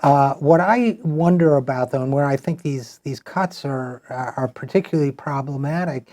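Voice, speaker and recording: A middle-aged male host with a mellow, warm tone and an average pitch, rambling through his questions with many restarts and fillers. He talks in an easy conversational way. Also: moderate pace. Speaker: show host. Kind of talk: conversational interview.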